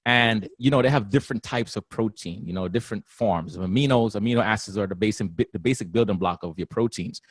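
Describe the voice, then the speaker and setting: A man talking casually as a guest trainer, animated and often laughing, acting out other people's voices. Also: fairly low pitch, fast talker, hardly any pauses, slightly rough, no room sound. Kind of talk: casual interview talk.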